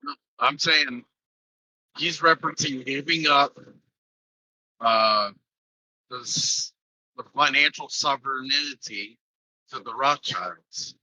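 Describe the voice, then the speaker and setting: A man co-hosting a casual commentary chat, asking questions and musing in a halting way. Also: medium pitch, sharp tone, dull audio, slight background noise. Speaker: podcast co-host.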